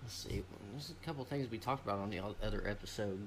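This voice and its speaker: A young man co-hosting a podcast, telling a rambling story in casual chat with loud laughs and swearing. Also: lowish voice, fast talker, a little hiss or hum. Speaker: podcast co-host.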